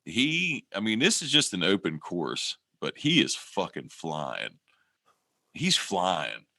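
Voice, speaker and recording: A man with a very low voice that swings around a lot, co-hosting a podcast. He rambles and swears freely, restarting sentences as he goes. His tone is bright and forceful, recorded dry and close. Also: huge pitch swings, takes it slowly, creaky, no echo. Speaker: podcast co-host. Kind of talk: casual chat.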